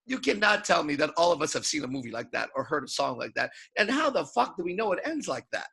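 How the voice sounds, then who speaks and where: A man's voice: a little high, sing-song, quick pace, vocal fry, pushed and bright, slightly rough. A man giving a live lecture as a seduction coach, profane and playful, acting out his examples.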